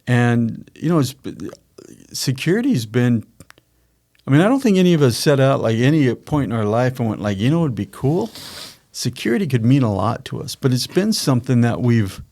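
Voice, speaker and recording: Middle-aged male podcast host, rambling storyteller, even mid-range voice. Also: mid-range voice, moderate pace. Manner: rambling, self-correcting, acts out quoted dialogue. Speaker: podcast host, company founder. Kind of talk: casual storytelling chat.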